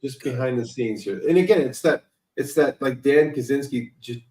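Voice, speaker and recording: A man's voice: medium pitch, normal speed, a little mellow. A man co-hosting a casual chat, joking in loose banter. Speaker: co-host. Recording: echoey room.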